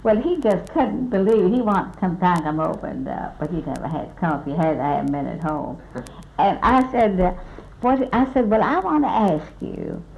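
Very animated at a normal speed, an older woman from South Texas talks in a lowish, creaky, somewhat mellow voice. She is an interviewee rambling through recorded memories, quoting what she was told and restarting often. The audio quality is low.

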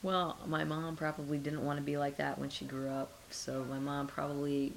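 A woman's voice: low-pitched, little pitch movement, normal speed, vocal fry, a little hiss or hum, rough recording. A middle-aged woman being interviewed, talking casually and musing with rhetorical questions.

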